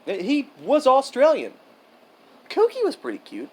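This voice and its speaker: A woman's voice: high voice, huge pitch swings, unhurried, warm tone, husky. A young woman co-hosting a casual podcast chat, chatty and teasing, often cutting in with jokes. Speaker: podcast co-host.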